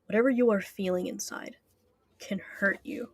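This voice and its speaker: A woman voicing a cold, commanding male Herobrine spirit in a slow, ominous reading. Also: mid-range voice, steady tone, breathy edge, voice pushed down.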